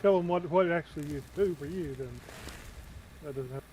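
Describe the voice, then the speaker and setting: Easygoing higher-voiced male co-player. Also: fairly quick, a little mellow, a little hiss or hum, rough recording. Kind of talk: casual gameplay chat.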